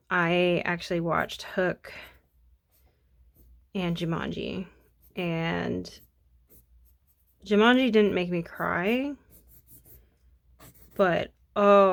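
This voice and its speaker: A woman's voice: fairly low pitch, gravelly. A young woman chatting casually while she draws, rambling and self-deprecating, a bit sniffly from allergies. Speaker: art vlogger. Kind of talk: casual chat while drawing.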